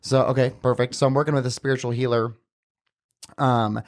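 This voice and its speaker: A man's voice: mid-range voice, level tone, fairly quick. A man talking as a podcast guest, telling a personal story casually and earnestly, with many filler words. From Southern Utah, USA.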